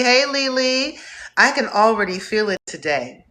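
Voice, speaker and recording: A woman from Northeast Ohio hosting a live stream, warmly greeting viewers by name in an effusive, upbeat way. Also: a little high, very animated, a little slow. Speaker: host.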